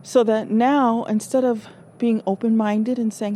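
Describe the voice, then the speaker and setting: A woman's voice: fairly high pitch, unhurried, mellow, slight background noise. A woman from Alaska giving an earnest spiritual monologue, often rephrasing herself and acting out the voices of people she quotes. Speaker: spiritual speaker. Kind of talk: reflective spoken monologue.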